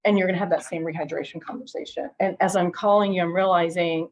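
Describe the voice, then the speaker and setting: A woman's voice: fairly low pitch, fairly even intonation, fast, hardly any pauses, dull audio. A middle-aged woman giving a conversational real estate training, chatty, full of restarts, acting out what callers say. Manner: chatty, repeats and restarts, acts out quoted callers.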